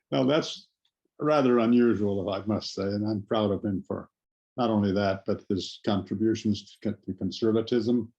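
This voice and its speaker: A man's voice: fairly low pitch, mellow. Man on a muffled call line. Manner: plainspoken, repetitive phrasing. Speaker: memorial speaker, brother of the deceased. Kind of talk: casual remarks over video call.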